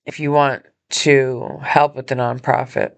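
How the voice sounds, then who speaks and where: A woman hosting her own podcast, speaking from a hospital room in an earnest, halting personal appeal, emotional and injured. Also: rumbling low, flat delivery, vocal fry. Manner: earnest, halting, with many pauses and restarts. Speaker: podcast host and nonprofit founder.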